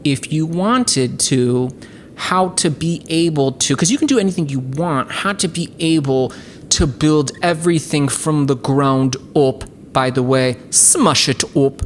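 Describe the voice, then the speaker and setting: Low-voiced woman hosting a chatty tutorial. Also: takes it slowly, a little hiss or hum. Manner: chatty and enthusiastic, many fillers. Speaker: host. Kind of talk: casual tutorial demonstration.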